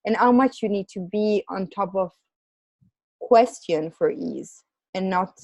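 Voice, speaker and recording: A woman's voice: medium pitch, slow pace, vocal fry, mellow, no echo. A woman talking in a loose, rambling conversational way, full of filler words, as a podcast co-host. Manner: rambling, heavy use of "like" fillers. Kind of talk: casual conversation.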